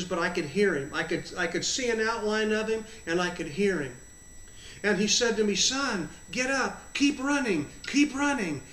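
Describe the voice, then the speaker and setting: A man, a Christian counselor hosting his show, telling an earnest testimony and closing with an appeal to viewers. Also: high-pitched. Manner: earnest, swings from excited to hushed. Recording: roomy echo.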